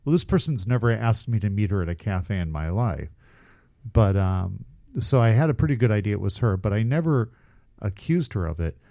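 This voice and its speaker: A man's voice: lowish voice, animated, fairly quick, creaky, dark tone. A man casually telling a rambling, profane story on a podcast, often laughing at himself. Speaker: podcast co-host.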